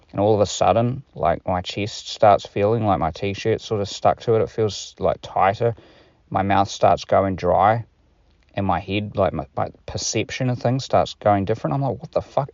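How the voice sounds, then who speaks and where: A man's voice: low-pitched, creaky, darkish tone, dry recording, lo-fi sound. A man talking casually to camera in a rambling monologue, swearing freely and using many fillers. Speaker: vlogger.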